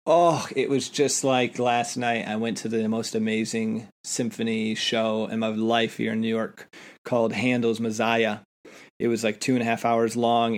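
Male podcast co-host, mid-pitched voice, excitable and effusive, casual conversational delivery. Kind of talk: podcast discussion.

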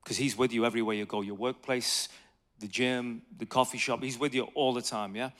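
This is a brisk, medium-pitched man in his thirties giving a conversational sermon about evangelism. He livens it up with stories and questions aimed at the audience.

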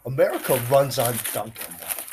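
A man's voice: mid-range voice, sing-song, moderate pace, noisy background. A young man hosting a casual podcast chat with friends, upbeat and rambling. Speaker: podcast host.

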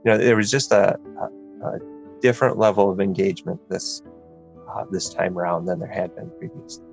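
A man's voice: low-pitched, fairly quick, vocal fry, soft background music. A man, a parent, reflecting on a family discussion in a casual, thoughtful way with many fillers. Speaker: podcast guest, parent. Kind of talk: casual chat.

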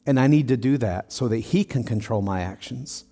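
A middle-aged pastor preaches to his congregation in an ordinary, mid-range voice that's mellow and moves at normal speed, with faint music behind him. His delivery is earnest and heartfelt, building to emotional intensity during a personal story. He lifts his voice with feeling as he drives his point home.

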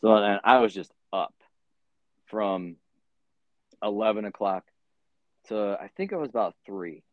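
A man with a low, deep voice tells a rambling story in loose, profane podcast chat, full of "like" and "you know." The sound is dull and lo-fi, with a dry close feel and no room around it. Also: a little slow, no room sound. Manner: rambling, profane, many fillers. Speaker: podcast host.

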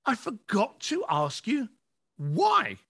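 A man's voice: very high-pitched, huge pitch swings, slow pace, creaky, sharp tone, husky. A man, a business coach telling stories in a podcast conversation and acting out his clients' lines.

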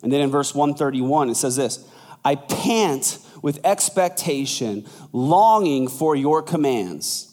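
A man preaching a sermon as pastor, conversational and lively, acting out quoted voices. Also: slow, big-room sound. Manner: animated, acts out quoted voices with big pitch jumps.

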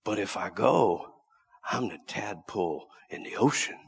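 A male preacher telling a story in a sermon, dramatic, swinging from loud cries down to hushed whispers. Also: on the low side, animated, a little slow, gravelly, breathy edge.

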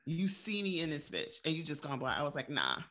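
Blunt New Orleans woman, low voice. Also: quick pace, fairly bright tone. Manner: blunt, profane storytelling. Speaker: podcast co-host. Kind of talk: casual chat.

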